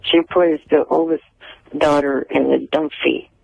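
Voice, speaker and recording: Gravelly raspy guy calling in on the phone, stubborn, dry line. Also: a little high, unhurried, dry recording, dull audio. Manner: stubborn, flat refusals. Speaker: caller, actor. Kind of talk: phone-in radio talk.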